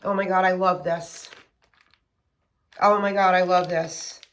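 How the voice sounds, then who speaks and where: A middle-aged woman chatting casually and gushing with excitement as she unboxes gifts for her vlog. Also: fairly low pitch, measured pace. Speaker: home fragrance vlogger.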